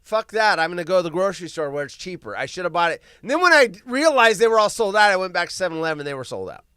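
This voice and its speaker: A man hosting a live show in casual chat, rambling and often bursting into yelling. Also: sits high, sing-song, rapid-fire, smooth, dry recording, studio quality. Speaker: podcast host.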